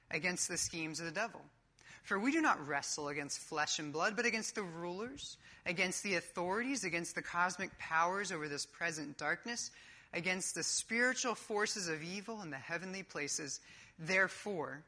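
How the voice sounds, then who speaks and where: A woman's voice: on the low side, expressive, normal speed, sharp tone. A woman preaching a sermon in a church, emphatic and coach-like with casual asides.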